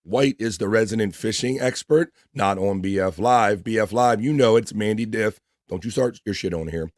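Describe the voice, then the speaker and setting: Hosting a relaxed livestream, a man from the East Coast of the United States reads out chat messages in a lowish voice, one after another. He adds running shout-outs, brief greetings, and crude asides, loose and profane throughout, in a dry, close recording with no room around it.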